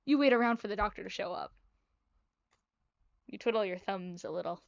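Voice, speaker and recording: A woman's voice: on the high side, fast, dry recording, dull audio. Playful young woman reading a game aloud. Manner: playful, chatty, self-mocking asides. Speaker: gaming video creator. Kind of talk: reading a visual novel aloud with commentary.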